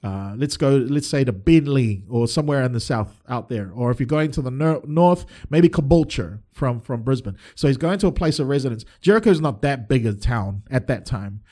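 A man's voice: medium pitch, lively intonation, normal speed, few pauses, warm tone. A man preaching a sermon as a pastor, earnest and emphatic, often restarting his phrases.

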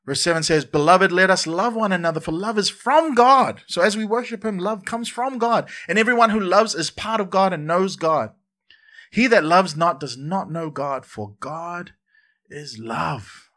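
A man preaching a sermon in church, lively and conversational, often repeating words and adding asides. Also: sits high, normal speed. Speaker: pastor.

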